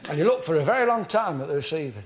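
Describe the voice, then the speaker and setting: Playing an earnest, finicky middle-aged amateur acting instructor, a male comic speaks very fast in a fairly high voice. His instruction is deadpan, pedantic and self-important, delivered as live character comedy in a television studio where the audience laughs along.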